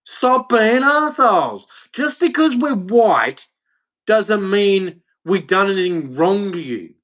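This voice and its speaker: An Australian man delivers an angry vlog rant straight to camera. He is blunt and profane, and he leans hard on his words. His pitch is lively and swings widely as he talks. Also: takes it slowly. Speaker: vlogger. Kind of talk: ranting monologue to camera.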